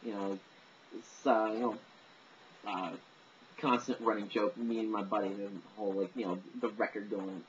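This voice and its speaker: A man's voice: fairly low pitch, level tone, moderate pace, a little hiss or hum. Rambling man with a dull lo-fi recording. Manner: rambling, lots of fillers and self-deprecation. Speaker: amateur voice impressionist. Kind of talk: casual monologue.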